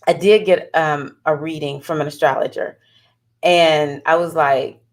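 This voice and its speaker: A woman astrologer chats straight to her viewers in an animated way, with sudden bursts of excitement. Her speaking voice sits a little lower than most women's. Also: a little slow. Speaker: astrologer giving readings. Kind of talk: casual talking-head vlog.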